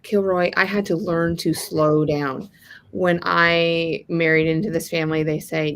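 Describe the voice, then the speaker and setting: A friendly woman chatting on a home sewing livestream, with a somewhat low voice for a woman. She talks casually and easily, greeting viewers and keeping the chat going. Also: level tone, unhurried.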